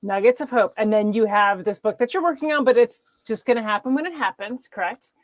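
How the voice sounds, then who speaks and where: A woman's voice: on the high side, a little fast, no room sound. A woman hosting an interview show, chatting casually with her guest, agreeing readily and laughing often. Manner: warmly agreeing, frequent laughs and fillers. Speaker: podcast host.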